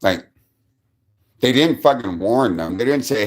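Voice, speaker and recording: A man's voice: mid-range voice, animated, unhurried, pauses often. A man telling a rambling personal story on a live stream, swearing constantly and restarting his sentences.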